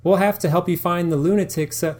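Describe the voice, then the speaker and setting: A man voicing a pompous, fussy middle-aged male psychiatrist who makes rapid, flustered excuses. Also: high voice, steady tone, a little mellow, voice pushed up.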